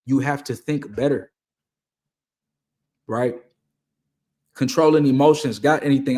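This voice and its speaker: A man's voice: a little high, darkish tone. Young man giving casual motivational advice. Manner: conversational, repeats key lines, slangy. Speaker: host answering viewer questions.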